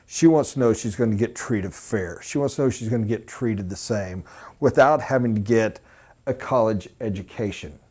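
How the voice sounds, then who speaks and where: A man giving a live sales training talk, emphatic and animated, acting out little scenes. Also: lowish voice, normal speed, slightly rough. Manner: animated, emphatic, mock voices for examples.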